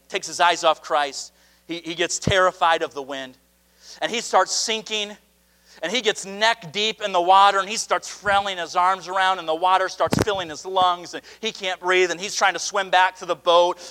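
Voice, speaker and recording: High bright-voiced guy preaching, gets loud then drops real quiet, acts out the bible bits. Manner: animated preaching with sudden drops to near-quiet asides. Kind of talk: sermon.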